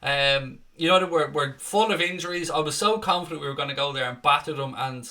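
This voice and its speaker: A man's voice: a little high, a little fast, sharp tone. A man hosting a casual live stream, chatting, swearing freely and reading out viewer comments.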